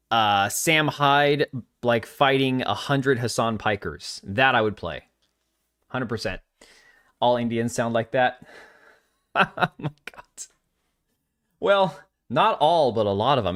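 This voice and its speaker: A man's voice: medium pitch, a bit bright. A young man hosting a casual gaming livestream, blunt and opinionated, often restarting his sentences. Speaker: livestream host.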